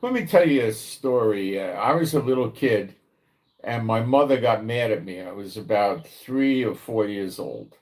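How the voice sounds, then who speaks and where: Rambling New man, low voice. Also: lively intonation, moderate pace. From New York, the Bronx. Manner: conversational, rambling, asks listener rhetorical questions. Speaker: prophecy commentator, channel host. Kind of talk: religious commentary monologue.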